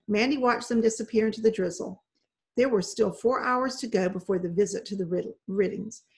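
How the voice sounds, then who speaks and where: A woman reading a children's novel aloud in a steady, measured way. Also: medium pitch. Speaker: reader.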